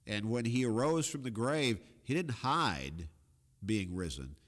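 A man's voice: mid-range voice, very animated, unhurried, fairly bright tone, long reverb tail. A man co-hosting a conversational Bible discussion, explaining verses in plain everyday paraphrase. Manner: explains in plain paraphrase, acts out quoted lines. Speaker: Bible study co-host.

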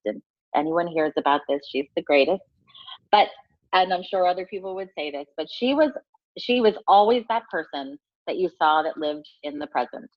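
A woman in her forties, an interview guest, telling a personal story in a heartfelt, halting way and often restarting her phrases. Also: deep voice, dry recording, highs cut off.

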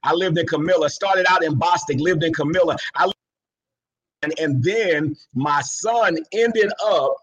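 A man's voice: fairly high pitch, measured pace, husky, poor audio. A man in his fifties, a guest speaker talking with rhythmic, repetitive, preacher-like fervor. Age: 50s. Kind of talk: fervent preacher-like interview talk.

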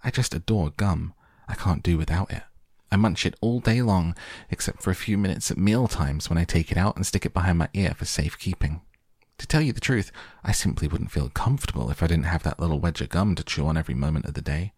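A loud, boastful young girl who never stops bragging, read out by a man. The voice sits very low with a gravelly edge. It is recorded dry and close. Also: no echo. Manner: boastful rapid chatter. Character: loud brash gum-chewing young girl.

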